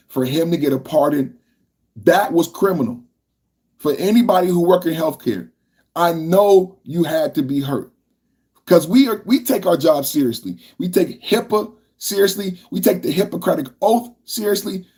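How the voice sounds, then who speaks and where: A man's voice: fairly high pitch, darkish tone, husky. A man hosting a political podcast livestream, ranting in a loose, repetitive way and talking to his chat. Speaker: podcast host.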